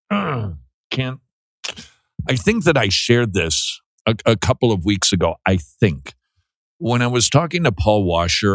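Folksy low-voiced male radio host. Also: dry recording, studio quality. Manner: folksy, joking, talks with restarts. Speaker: radio host answering listener questions. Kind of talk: casual faith radio chat. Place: radio studio.

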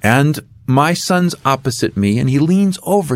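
A man's voice: mid-range voice, normal speed, hardly any pauses, dry recording, clean studio sound. A middle-aged man, an author and guest, telling a faith story and acting out the voices in it. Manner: animated storyteller acting out dialogue.

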